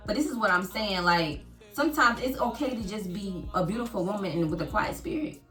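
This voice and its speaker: A woman podcast host, talking in a casual faith-based chat with a preachy, animated storytelling manner. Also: mid-range voice, brisk, echoey room, far from the mic, faint music behind.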